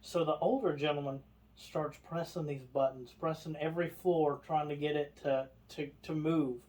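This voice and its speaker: On a podcast, a male co-host tells a story in casual conversation, animatedly acting out other people's lines. His pitch is fairly high and his speed normal.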